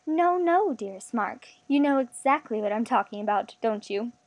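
A woman voicing a menacing male villain in a storybook reading, speaking in a thin, low, sickeningly gentle way. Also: lively intonation, moderate pace, no echo. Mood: sinister.

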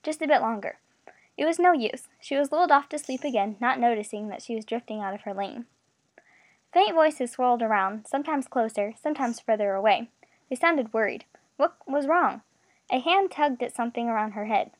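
A woman narrating a story aloud in an expressive, steady reading voice. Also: on the high side, brisk, dry recording.

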